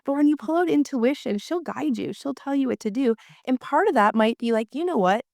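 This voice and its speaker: A woman's voice: high-pitched, brisk, gravelly, dry recording, clean studio sound. A woman marriage coach explaining her methods as a guest in a conversation, acting out inner voices as she goes. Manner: animated, acts out inner voices.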